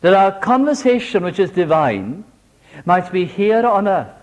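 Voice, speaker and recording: A Welsh man preaching a sermon, animated and homely, telling a simple story with small jokes. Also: high voice, unhurried, muffled recording. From Wales.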